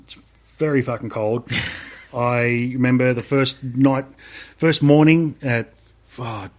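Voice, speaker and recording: A man's voice: mid-range voice, fairly even intonation, takes it slowly, a little mellow. An Australian man, an army veteran guest, telling stories in a casual interview, rambling with many fillers and swearing freely.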